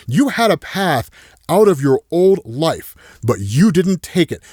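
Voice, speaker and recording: A man voicing a grim male vigilante detective, speaking in a low, measured way. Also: darkish tone, no echo, studio quality, heavily acted.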